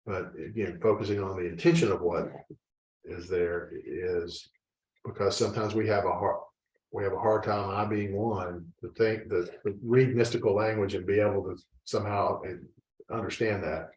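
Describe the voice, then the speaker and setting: Man, low voice, halting group chat, far from mic, room echo. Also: fairly even intonation, darkish tone. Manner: halting, restarts phrases while searching for words. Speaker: discussion group member. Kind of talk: casual group discussion. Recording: echoey room, distant mic.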